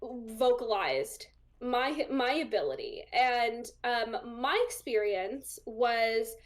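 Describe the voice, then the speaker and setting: A woman's voice: on the high side, animated, takes it slowly. A young woman, a guest on an interview show, chatting casually through a personal story with lots of ums and likes. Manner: chatty, full of ums and likes, laughs often.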